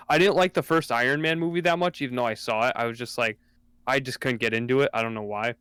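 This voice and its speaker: A man's voice: medium pitch, quick pace, clear, resonant tone, no room sound. A man on a podcast as a guest, chatting casually and rambling a little, with plenty of "uh". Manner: relaxed, rambling, uses "uh" a lot. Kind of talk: casual chat.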